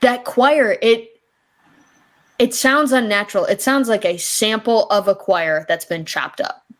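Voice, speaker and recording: A woman guest who works with choirs, talking in an animated, chatty way full of fillers. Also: mid-range voice, measured pace. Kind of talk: casual conversation.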